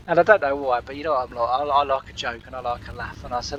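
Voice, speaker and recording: A man's voice: mid-range voice, quick pace, fairly bright tone, lo-fi sound, slight background noise. Rambling man telling a story. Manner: rambling, laughs often, retells talks with "I said". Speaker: gaming channel host. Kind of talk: casual storytelling.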